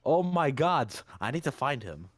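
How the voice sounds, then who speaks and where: Brief: young male co-host, lively swinging pitch, crude playful banter, dry close sound. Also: normal speed, no echo. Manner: animated, crude banter, frequent laughter. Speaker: podcast co-host. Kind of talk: casual chat.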